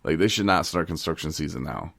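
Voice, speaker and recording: A low-voiced man with a gravelly edge tells stories in a loose, joking way, acting out the people he met. He teases and laughs freely, and the sound is dry and close, without room echo. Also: quick pace, fairly bright tone. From Michigan, USA. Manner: teasing, acts out little scenes, laughs often. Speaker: podcast co-host. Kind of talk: joking casual chat.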